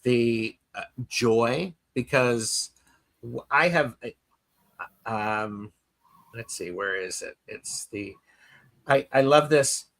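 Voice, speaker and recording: A man's voice: medium pitch, extremely slow, vocal fry, pauses often, a bit bright. A man hosting a podcast in casual chat, telling stories in a rambling way with many fillers and restarts. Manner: reads listener comments aloud. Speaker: podcast host.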